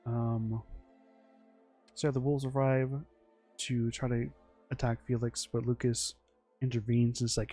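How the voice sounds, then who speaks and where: A man's voice: mid-range voice, little pitch movement, a little slow, pauses often, warm tone, soft background music. A man telling a loose, meandering story about his original characters, full of fillers, restarts and swearing. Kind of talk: casual rambling storytelling.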